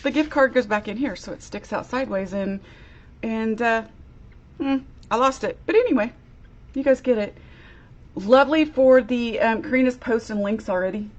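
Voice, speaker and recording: A woman with a slightly high, cheerful voice hosts a live-streamed craft demo. She chats casually and bubbles along as she greets viewers by name. The stream audio sounds somewhat dull and lo-fi. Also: moderate pace. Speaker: crafter demonstrating a product.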